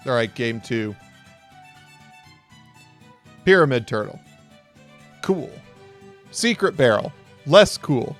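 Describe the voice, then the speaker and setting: A man giving casual play-by-play commentary on card game duels, wry and upbeat, talking to viewers as folks, with hiccups breaking in. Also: medium pitch.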